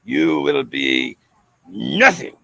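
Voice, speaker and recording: A man's voice: mid-range voice, animated, extremely slow, creaky, bright, forceful tone, no room sound, pitched below the performer's own voice, full character voice. A man putting on a scornful old schoolteacher woman. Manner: cold, withering scolding. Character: stern older female schoolteacher, scornful.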